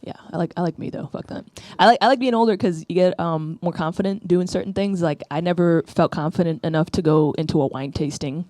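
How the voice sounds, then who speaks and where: This woman in her 30s from the Bronx, New York, is a stand-up comedian working a comedy club stage mic. Her routine is rambling and self-deprecating, with plenty of "right?" Her warm voice is on the low side, fairly quick with few pauses, and the recording is dry.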